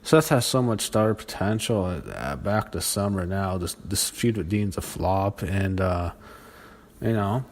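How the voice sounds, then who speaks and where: Lower-voiced man ranting angrily. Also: a little slow. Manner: angry, profane ranting with frequent restarts. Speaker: wrestling show reviewer. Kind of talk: ranting show review.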